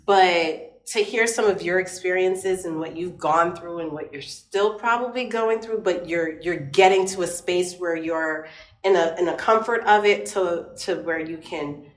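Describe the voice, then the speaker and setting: Relaxed, slangy woman co-host for a chat show, quick to laugh, recorded in a roomy space. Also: fairly low pitch. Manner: laid-back, slangy, laughs often. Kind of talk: casual podcast chat.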